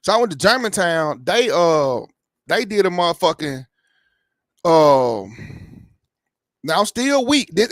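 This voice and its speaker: A man's voice: high voice, fairly bright tone, no room sound, studio quality. A man in his thirties giving a casual personal update in a rambling, heavily profane way, often checking in with the listener. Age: 30s. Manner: rambling, profane storytelling, keeps asking "you know what I'm saying". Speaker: YouTube reaction channel host.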